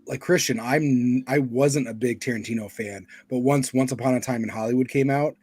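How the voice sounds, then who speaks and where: A man's voice: mid-range voice, steady tone, moderate pace, darkish tone, slightly rough, no echo. A man in a casual podcast chat who rambles through his opinions with many false starts. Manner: rambling, many fillers and restarts.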